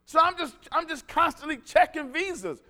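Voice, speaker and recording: A man preaching to his congregation in a high, bright voice. His pitch leaps all over as he tells stories and calls for responses. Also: moderate pace. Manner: animated, call-and-response with congregation. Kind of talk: lively sermon with storytelling.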